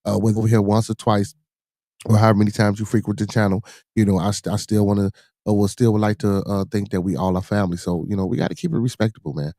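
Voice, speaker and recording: A man hosting a livestream podcast, animatedly begging chat for super chats and shouting out supporters. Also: lowish voice, fairly even intonation, fast talker, dry recording, clean studio sound. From Chicago area.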